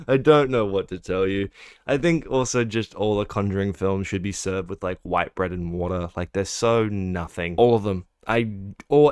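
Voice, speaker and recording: A man's voice: on the low side, smooth, no echo, studio quality. A young man giving a casual film review, ranting with exasperation and swearing, mocking what he dislikes. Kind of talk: casual monthly movie review.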